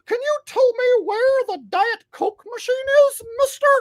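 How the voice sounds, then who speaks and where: A man putting on the voice of a lame, nerdy white guy, very high and prissy. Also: a little slow, darkish tone, dry recording. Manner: high, nasal, prissy delivery.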